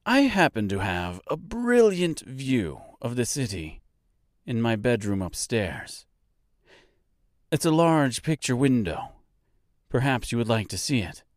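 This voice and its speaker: A smug villain of a mansion, as a narrator puts him on, all mocking courtesy and drawn-out words. His voice rises and dips widely, slow and close with a dry sound. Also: mid-range voice, sing-song, no echo. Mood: smooth. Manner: mocking, overly polite. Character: smug, gleeful male mansion owner villain.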